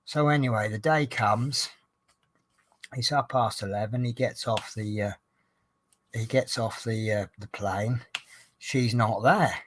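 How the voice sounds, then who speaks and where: A man's voice: on the low side, a little slow, long pauses, a bit bright. Chatty man rambling along. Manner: rambling, chatty storyteller who restarts and corrects himself. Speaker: coach driver and crafting vlogger. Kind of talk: casual chat while diamond painting.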